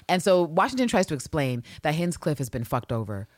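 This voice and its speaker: Low-voiced woman recapping a show, swears a lot, voice jumps all over, dry close sound. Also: a little fast, few pauses, no room sound. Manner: animated, profane, mimics characters. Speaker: podcast co-host. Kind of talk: casual recap chat.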